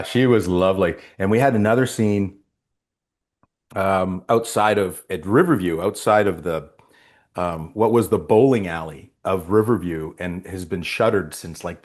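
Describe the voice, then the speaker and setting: A man telling a story in a casual interview as the guest, acting out the voices of the people in it. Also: sits low. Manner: animated storyteller, acts out voices. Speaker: actor guest.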